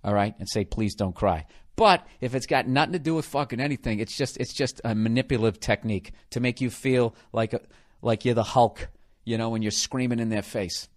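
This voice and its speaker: A man's voice: medium pitch, a little fast. A man in his forties from the United States, a comedian hosting a podcast, delivering a profane, sarcastic rant. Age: 40s. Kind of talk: ranting comedic monologue.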